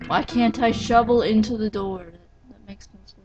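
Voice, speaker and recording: A woman casually commenting on a video game she plays, sounding tired and rambling, with sudden excited squeals. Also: mid-range voice, moderate pace. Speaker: let's-play gamer. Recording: dull lo-fi recording with faint game music.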